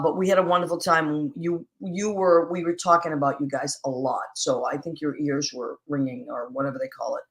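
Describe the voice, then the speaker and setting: Effusive woman hosting a live stream. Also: deep voice. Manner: effusive, greeting viewers by name with endearments; rambling, with many fillers and restarts. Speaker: host of a live-streamed talk show. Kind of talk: casual live-stream chat. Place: home, streaming live in New York.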